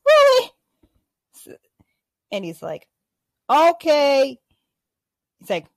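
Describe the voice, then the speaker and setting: A woman hosting a podcast, recapping an episode with excited, dramatic play-acting of the characters. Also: no room sound. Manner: acts out characters with big pitch jumps and gasps. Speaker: podcast host.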